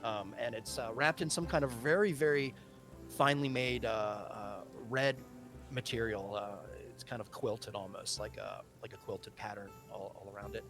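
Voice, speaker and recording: A man narrating as game master of a tabletop game, halting and full of fillers and restarts. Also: lowish voice, steady tone, a bit bright, soft background music.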